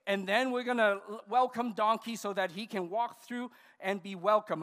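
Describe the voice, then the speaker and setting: A man pastor leading a children's service, giving animated, coaxing instructions to the kids. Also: high-pitched, moderate pace, hardly any pauses. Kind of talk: children's sermon with puppet skit. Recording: reverberant church hall.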